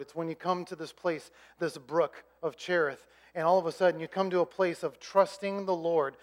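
High-voiced man preaching with rising fervor. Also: steady tone, normal speed, hardly any pauses. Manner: builds to loud, high, fervent preaching with repeated phrases, then drops soft. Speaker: pastor. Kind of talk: sermon. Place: church.

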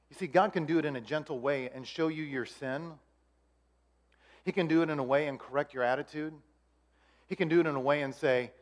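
A man's voice: fairly high pitch, fast. Conversational man preaching a sermon. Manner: conversational, acts out dialogue with God in hushed tones. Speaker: pastor.

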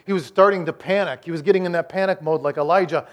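This Iowa preacher's male voice runs fairly high as he delivers his sermon. Some phrases come out forceful and loud, others quiet and drawn out, and he frequently circles back to repeat or restart what he's saying.

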